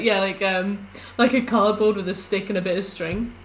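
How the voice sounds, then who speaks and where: A woman's voice: mid-range voice, animated, normal speed, few pauses, low-quality recording. A young woman chatting casually on a live stream while she plays, rambling through stories with lots of fillers.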